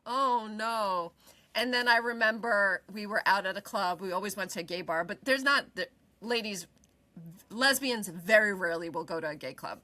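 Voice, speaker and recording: A woman in her forties, a podcast co-host, telling a personal story in casual chat, animated, laughing often and swearing freely. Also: medium pitch, brisk.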